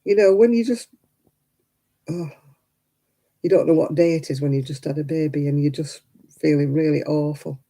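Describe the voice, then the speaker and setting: Older woman, very mellow dark tone, host telling rambling stories at a craft stream. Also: low voice, moderate pace, pauses often, poor audio. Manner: chatty, rambling anecdotes with frequent "you know" asides. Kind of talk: casual storytelling chat.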